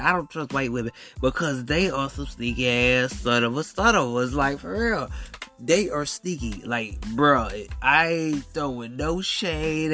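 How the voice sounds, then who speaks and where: A man rants through a solo podcast in a blunt, slangy storytelling style. His voice is bright and forceful at a middle pitch, with faint music underneath. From Alabama. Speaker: podcast host.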